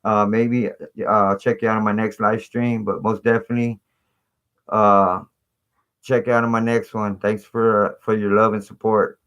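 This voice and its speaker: A man's voice: lowish voice, little pitch movement, measured pace, a bit bright, smooth, dull audio. A man hosting a live stream, talking in a rambling, casual way full of fillers and asides. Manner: rambling, filler-heavy, conspiratorial chat.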